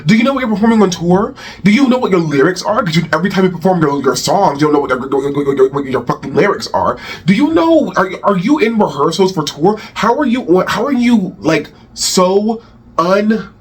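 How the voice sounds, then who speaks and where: A man's voice: high voice, animated, fairly quick, slightly rough. A man hosting a rant channel, delivering heated celebrity commentary with profanity and repeated phrases.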